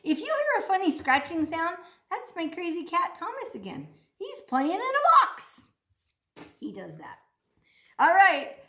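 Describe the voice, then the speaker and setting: A woman giving a playful children's speech lesson, talking slowly and with exaggerated, sing-song delivery. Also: very high voice, wildly swooping pitch, pushed and bright, echoey room.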